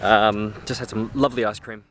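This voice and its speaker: A man's voice: lowish voice, steady tone, a little fast, fairly bright tone, a little hiss or hum. A man hiking and vlogging to a handheld camera outdoors on a coastal trail, chatty and upbeat, with frequent fillers. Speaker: hiker vlogger. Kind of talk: casual travel vlog.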